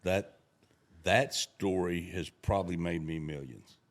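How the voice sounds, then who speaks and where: A man's voice: deep voice, unhurried. A middle-aged man telling stories in a folksy, casual way, acting out the voices of the people in them. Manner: acts out voices in his stories. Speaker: guest storyteller. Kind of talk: casual storytelling.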